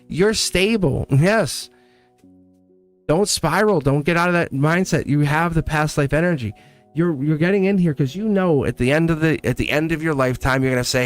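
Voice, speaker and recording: A man doing a live tarot reading, talking straight to the viewer with warm encouragement and lots of repetition. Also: on the high side. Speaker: tarot reader.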